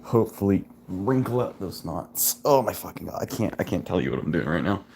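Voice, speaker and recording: A man recording himself while feeling sick and fatigued, groaning and swearing, with halting restarts. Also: low-pitched, animated, gravelly, dark tone, slight background noise. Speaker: vlogger. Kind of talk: rambling self-recorded vlog. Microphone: self-recording camera.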